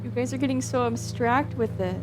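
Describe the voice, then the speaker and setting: A woman's voice: a little high, brisk, music in the background. A woman with a Midwestern American accent, chatting casually with viewers on a livestream, giggling often and filling her talk with "like" and "um.". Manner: giggly, lots of "like" and "um" fillers. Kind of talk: casual chat answering viewers.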